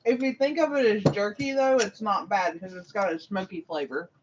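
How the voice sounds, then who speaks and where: A woman's voice: mid-range voice, lively intonation, fairly quick. A woman chatting casually alongside the host, chatty, giggly and teasing. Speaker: host's wife, off-camera co-host. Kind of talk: casual chat. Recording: dull lo-fi audio with faint noise.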